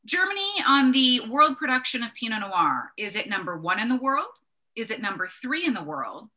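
A woman's voice: a little high, sing-song, normal speed, sharp tone. A woman co-hosting a wine tasting, chatty and enthusiastic, correcting herself as she goes. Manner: chatty, self-correcting, enthusiastic about labels. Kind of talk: casual tasting chat.

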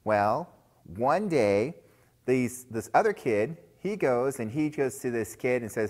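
Animated man giving a children's chapel talk. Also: medium pitch, slow pace. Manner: storytelling, addresses listeners as guys. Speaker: chapel speaker for school children.

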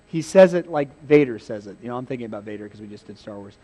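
A male pastor giving a sermon, telling a Bible story in a lively, humorous way. He laughs often and acts out scenes with sudden shouts. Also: high voice, brisk.

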